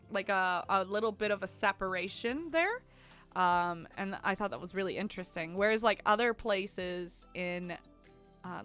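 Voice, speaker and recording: A young woman with a mid-range, slightly bright voice chats casually on a live stream while editing photos. Her talk rambles and is packed with filler words.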